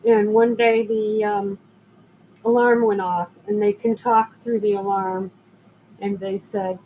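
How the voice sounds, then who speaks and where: A woman's voice: medium pitch, flat delivery, unhurried, warm tone, slight background noise, low-quality recording. An older woman selling jewelry on a live stream, telling rambling stories and greeting viewers as they drop in. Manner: chatty, rambling storyteller who greets viewers. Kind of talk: casual live-stream chat.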